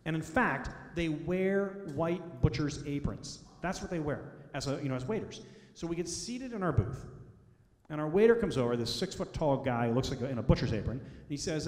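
A man's voice: a little high, expressive, normal speed, a little mellow. A middle-aged man telling family anecdotes to an audience, acting out the voices in his stories. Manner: storytelling, acts out quoted voices. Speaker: author speaking to an audience. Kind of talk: anecdotal talk. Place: school auditorium. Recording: echoey hall, long reverb.

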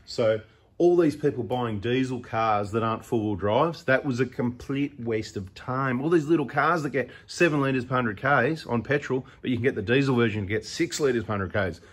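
Husky, opinionated Australian man. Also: medium pitch, normal speed. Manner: chatty, opinionated, rambling asides. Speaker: host of a 4x4 channel. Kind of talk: casual talking-head advice.

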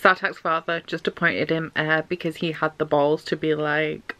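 Young female book vlogger, lowish voice, casual, chatty, gushing. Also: flat delivery, moderate pace, pushed and bright, slight background noise. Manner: chatty, gushing, says "like" a lot. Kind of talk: casual book diary chat.

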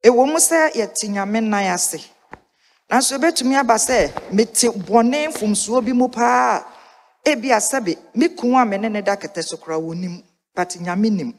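A woman's voice: on the high side, normal speed. A woman from Ghana speaking on a church Bible lesson panel, earnest and repeating phrases for emphasis. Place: church sanctuary during a livestreamed service. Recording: echoey church hall.

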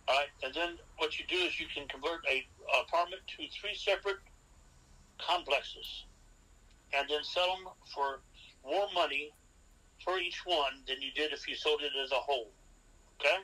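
A man with a bright, forceful voice pitched a bit high for a man teaches real estate on a podcast. He works through numbered rules and keeps asking his listener whether he follows. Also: husky, rough recording. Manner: instructive, lays out numbered rules and checks in with "okay?". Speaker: real estate expert guest. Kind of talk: podcast interview, seminar-style advice.

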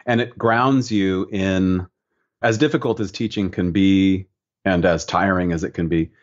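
A man from the United States, a guest painter on a podcast, talking in a relaxed, reflective way and telling stories. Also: low-pitched, unhurried, lo-fi sound, slight background noise. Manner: reflective, storytelling.

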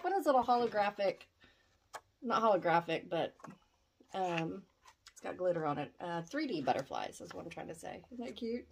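A woman's voice: fairly low pitch, very animated, normal speed, gravelly, a little hiss or hum. A middle-aged woman opening fan mail, gushing and exclaiming over each gift. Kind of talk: excited unboxing chat.

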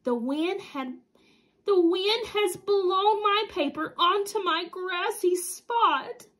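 A woman puts on a poorly centipede fellow from a storybook, moaning and sniffling with a cold. His voice rises high and wobbles as he complains. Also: lively intonation, slow, a bit bright, heavily acted. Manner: moaning, sneezing. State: has a cold. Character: sick, moaning male centipede.

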